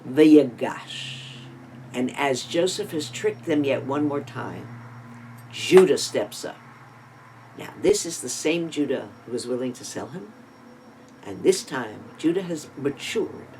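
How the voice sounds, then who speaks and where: Expressive speaker teaching a Torah portion. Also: mid-range voice, unhurried, a little hiss or hum, low-quality recording. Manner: storytelling with dramatic swings in loudness and emphasis; explains with asides and rhetorical questions.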